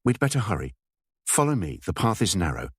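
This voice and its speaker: A man voicing a frightened woman who speaks in a hurried, nervous way. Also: deep voice, very animated, breathy edge, no echo, clean studio sound, heavily acted. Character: frightened woman on a lonely coast, tense.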